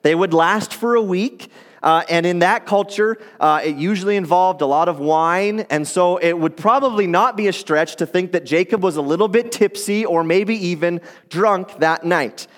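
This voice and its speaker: Male pastor, high-pitched, casual animated sermon delivery, in a reverberant church hall. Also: normal speed. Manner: conversational, animated storytelling with acted quotes.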